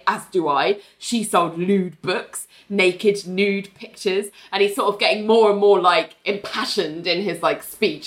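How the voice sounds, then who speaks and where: A woman's voice: on the low side, fairly bright tone. A woman co-hosting a podcast, animatedly retelling a TV episode and quoting the characters, with a lot of "like". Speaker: podcast co-host. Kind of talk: casual episode recap.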